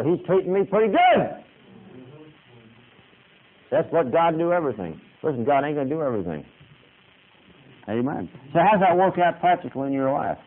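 A man preaching a folksy, plain-spoken sermon that climbs into emphatic peaks. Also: medium pitch. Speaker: pastor. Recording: tinny hissy lo-fi recording.

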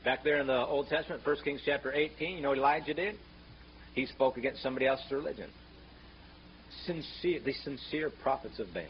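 A man preaching a fiery sermon, sarcastic and mocking, rising to shouts when he quotes scripture. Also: medium pitch, fairly quick. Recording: muffled, slightly noisy sermon recording.

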